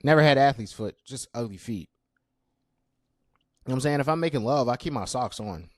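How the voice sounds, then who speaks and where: A man's voice: medium pitch, animated, fairly quick, darkish tone, no room sound, clean studio sound. A young man in his twenties hosting a casual solo podcast, chatty and self-deprecating with lots of fillers. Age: 20s. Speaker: podcast host.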